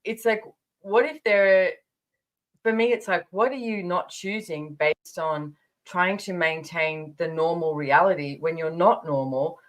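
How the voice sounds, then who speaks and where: Frank, low-voiced woman in her fifties. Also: measured pace. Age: 50s. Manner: frank and candid, swears casually, many restarts. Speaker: podcast guest. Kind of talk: casual conversational interview.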